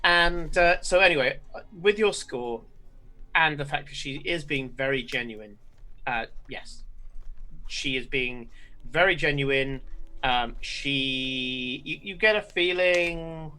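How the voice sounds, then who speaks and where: A man's voice: mid-range voice, slow, pushed and bright, smooth, rough recording. A man running a tabletop game as game master, talking hesitantly with many fillers and restarts.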